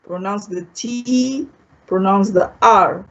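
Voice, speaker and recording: Slow Malaysian woman teaching French online. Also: mid-range voice, big pitch swings, a bit bright. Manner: slow, patient, repeats each word. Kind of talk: online language lesson. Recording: dull lo-fi online class audio.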